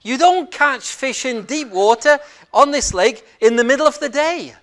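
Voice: high voice, expressive, moderate pace, pitched above the performer's own voice. A preacher voicing a proud, exasperated fisherman grumbling that he knows the lake better than anyone. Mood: indignant. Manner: loud indignant inner grumbling.

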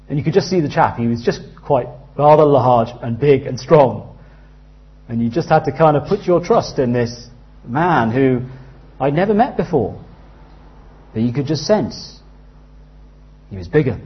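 A man in his thirties preaching a sermon earnestly, dropping to a hush and rising loud as he tells stories. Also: a little high, animated, normal speed. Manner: earnest, with big swings from hushed to loud in anecdotes. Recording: slightly dull, lo-fi sound.

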